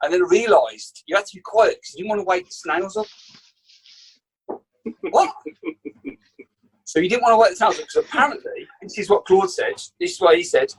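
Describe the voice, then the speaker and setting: A man with a Birmingham accent, a chef guest telling animated anecdotes in a casual interview. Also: sits high, slightly rough, poor audio. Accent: Birmingham English. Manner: animated anecdote teller, acts out quotes. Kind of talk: casual storytelling.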